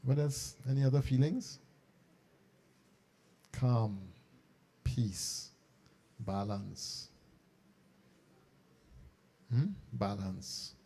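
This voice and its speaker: A man's voice: mid-range voice, creaky. A middle-aged man, an archbishop speaking to a conference of school principals and leading them through a meditation. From Trinidad and Tobago. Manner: animated and coaxing, then slow and hushed in prayer. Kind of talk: talk guiding a meditation. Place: conference hall.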